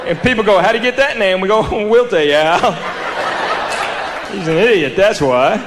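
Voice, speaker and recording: A man's voice: sits high, normal speed. Southern man doing stand-up on stage. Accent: Southern American. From United States. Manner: drawling storyteller, laughs at his own punchlines. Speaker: stand-up comedian. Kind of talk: stand-up comedy routine. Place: theater stage before a live audience. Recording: roomy theater with audience laughter and background noise.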